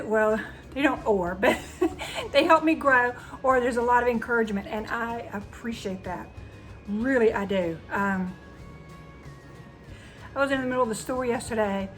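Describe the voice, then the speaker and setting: A woman with a Southern US accent hosting a cooking channel, talking casually and emotionally to her viewers. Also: fairly high pitch. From Southern United States. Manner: chatty and emotional, says y'all a lot. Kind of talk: casual chat to camera.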